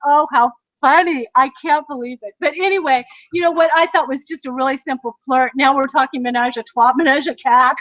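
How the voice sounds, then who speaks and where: A middle-aged American woman co-hosts a podcast, telling a story in a chatty way and laughing often. Her voice sits high with a steady, fairly bright tone, and she talks briskly with hardly any pauses. The casual chat is recorded with a dry, dull lo-fi sound.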